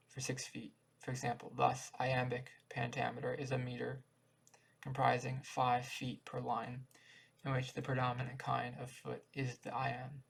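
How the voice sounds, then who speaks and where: A man reading a lesson text aloud, halting at times and restarting words. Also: medium pitch, creaky, husky, low-quality recording. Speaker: channel host explaining poetry.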